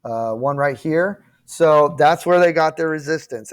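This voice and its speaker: With a fairly high pitch and a measured pace, this crypto channel host guides viewers through charts in a relaxed but emphatic style. He addresses them directly, keeps asking "okay?" and "right?", repeats points, and at times comes across frustrated or apologetic.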